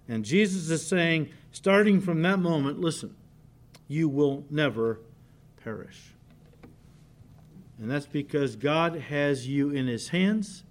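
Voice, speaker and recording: High-voiced animated male pastor preaching. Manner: animated preaching, often saying "listen" and "okay". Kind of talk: sermon.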